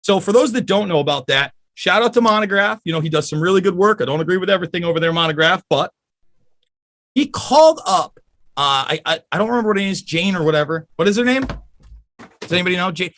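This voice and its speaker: Casting: high, very animated male voice, furious and swearing, podcast guest rant. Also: quick pace. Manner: angry, profane, emphatic.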